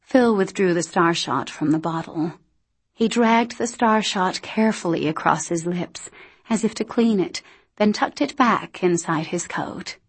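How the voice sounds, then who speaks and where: A woman narrating an audiobook in a steady, deliberate reading style. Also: on the low side, slightly rough. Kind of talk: scripted narration.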